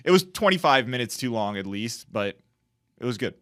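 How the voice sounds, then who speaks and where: A man on a podcast, telling his stories in a measured, wry way. His voice has an ordinary middle pitch and a relaxed, conversational pace. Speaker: podcast co-host. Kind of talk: casual chat.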